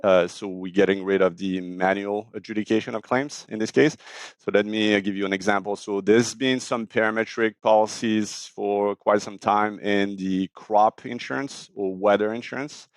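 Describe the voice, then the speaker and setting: A man in his forties with a French accent, explaining his startup in an interview with frequent pauses and fillers. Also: fairly low pitch, steady tone, no room sound. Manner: many fillers and restarts, explanatory. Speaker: startup founder, guest. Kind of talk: casual interview talk.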